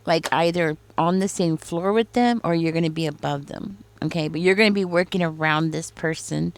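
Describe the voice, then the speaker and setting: Lower-pitched woman giving a tarot reading, rambling. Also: normal speed, dry recording. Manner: rambling, many fillers, acts out others' reactions. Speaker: tarot reader. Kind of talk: casual spoken tarot reading.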